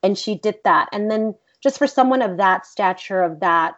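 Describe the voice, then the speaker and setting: A woman's voice: mid-range voice, normal speed. A woman guest in a casual interview, talking candidly, swearing freely and laughing often. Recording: dull lo-fi sound.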